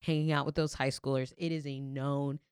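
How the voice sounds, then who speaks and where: A woman's voice: rumbling low, little pitch movement, a little fast, darkish tone, clear, resonant tone, dry recording, studio quality. A young adult woman in a casual podcast chat, telling a story with lots of "like" fillers and free swearing. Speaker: podcast guest.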